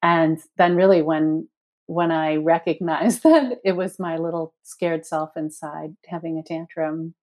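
A woman's voice: sits low, flat delivery, unhurried, a little mellow. A woman in her sixties speaking earnestly as an interview guest, acting out inner voices with playful shifts. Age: 60s. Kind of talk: reflective interview talk.

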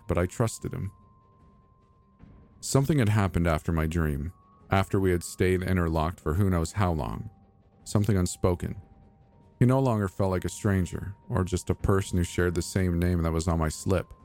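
A man narrating a scripted horror story in a soft, measured, even reading. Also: low-pitched. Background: faint music.

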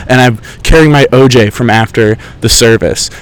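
A man's voice: medium pitch, normal speed, clean tone, low-quality recording. A young man hosting a podcast, telling rambling, profane, sarcastic stories in casual chat. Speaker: podcast host. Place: outdoors in a park.

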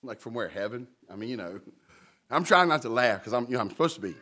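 A man's voice: medium pitch, expressive, fast talker, pushed and bright. A man pastor preaching a sermon in a conversational way, with humorous stories and asides between scripture readings.

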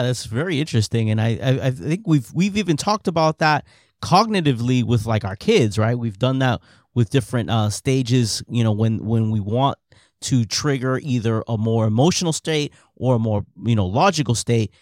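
A man's voice: mid-range voice, expressive, moderate pace, no echo, clean studio sound. A man co-hosting a podcast, agreeing in a casual, hesitant way with frequent restarts. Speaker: podcast co-host.

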